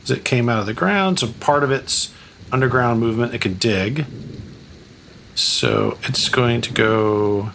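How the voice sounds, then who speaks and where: A male game master narrating a tabletop game in a bright, forward voice. He talks slowly and rambles, restarting sentences and filling gaps with ums. A faint hiss sits behind him. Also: mid-range voice. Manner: rambling, filler-heavy narration.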